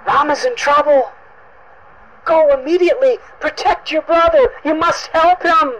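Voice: sits high, a little slow, a bit bright, muffled recording, slight background noise. A storyteller voicing an eager, insistent young princess who pleads and demands. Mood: frantic. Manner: eager, insistent, turning to angry accusation.

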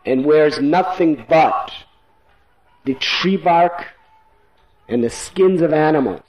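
A man's voice: a little high, animated, slow, crowd noise, voice pushed up, rough recording. A man voicing an unmoved, wrathful queen who coldly makes her demands. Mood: demanding. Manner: hard, commanding, demanding. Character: cold, wrathful scheming queen.

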